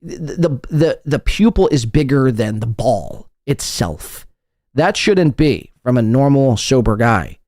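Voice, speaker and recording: A man's voice: mid-range voice, darkish tone, no room sound, studio quality. A man hosting a podcast, mocking a guest's clip with crude, sarcastic commentary. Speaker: podcast host.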